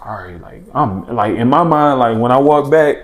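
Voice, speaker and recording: Animated, slangy young man telling stories. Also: medium pitch, normal speed. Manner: animated storyteller, acts out his own past thoughts and friends' reactions, slangy. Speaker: podcast guest, former junior college basketball player. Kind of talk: casual storytelling in a podcast chat.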